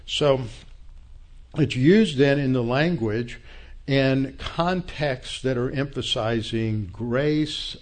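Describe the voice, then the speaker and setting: A man teaching through a Bible passage, explaining Hebrew words step by step in an unhurried, explanatory way. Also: medium pitch.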